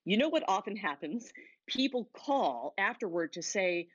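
A woman speaker coaching an audience on negotiation from a stage, in a motivational talk with punchy phrasing and deliberate pauses. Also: mid-range voice, big pitch swings, slightly rough, no echo, muffled recording.

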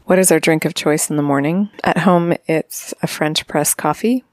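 A woman co-hosting a podcast, answering questions with vivid, deliberate storytelling. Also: deep voice, dry recording, clean studio sound. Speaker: podcast co-host.

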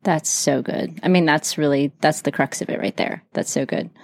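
A woman's voice: low-pitched, moderate pace, vocal fry, no echo, studio quality. A woman hosting a podcast interview, chatty and affirming, with many fillers. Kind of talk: casual interview chat.

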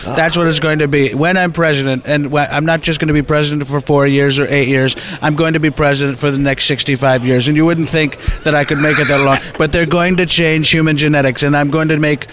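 A man's voice: on the high side, fairly even intonation, brisk, hardly any pauses, a crowd in the background, natural voice. An American impressionist doing a comic impression of a boastful, blustering male politician with grandiose, repetitive bragging. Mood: grandiose boasting. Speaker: impressionist guest.

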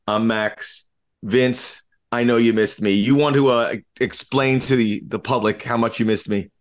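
A man's voice: mid-range voice, steady tone, measured pace. A man co-hosting a casual sports podcast, upbeat and joking, with frequent fillers. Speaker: podcast co-host.

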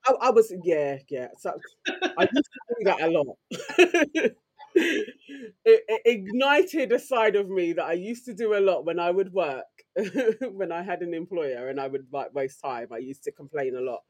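A woman with a London accent, co-hosting a podcast and telling stories in a lively, slangy way. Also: on the low side, unhurried. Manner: animated, slangy storytelling. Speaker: podcast co-host. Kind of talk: casual chat.

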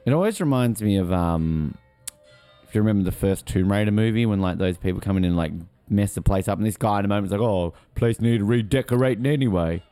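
A man's voice: fairly low pitch, quick pace, dark tone, clear, resonant tone, no echo, soft background music. A young man, co-hosting a casual movie commentary and rambling chattily with lots of ums and likes. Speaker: podcast co-host.

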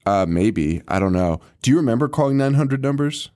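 A man's voice: medium pitch, animated, brisk, warm tone. A young man co-hosting a podcast, chatting casually, swearing a lot and laughing often. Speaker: podcast co-host. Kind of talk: casual chat.

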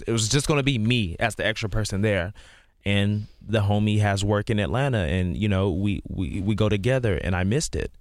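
A man with a low voice talks earnestly and rambles a little, with a lot of "like", as a guest on a casual interview show. The sound is dry and close, with no room around it. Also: fairly quick, no room sound. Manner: earnest, rambling, heavy use of "like". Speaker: guest musician.

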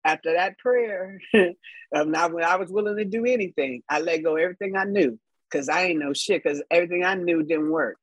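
A woman in her sixties from Los Angeles, telling her life story as a podcast guest in a frank, animated way and laughing often. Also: fairly low pitch, brisk, no echo, lo-fi sound. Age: 60s. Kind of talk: candid storytelling.

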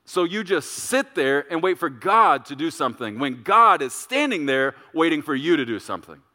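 A middle-aged man preaches a sermon in a church hall, his voice bright and pitched a little high for a man. He tells a story with very animated delivery, jumping into loud, shouted voices for its characters. A long reverb trails behind him. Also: moderate pace. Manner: storytelling, acts out voices with big swings in pitch and volume. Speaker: pastor.

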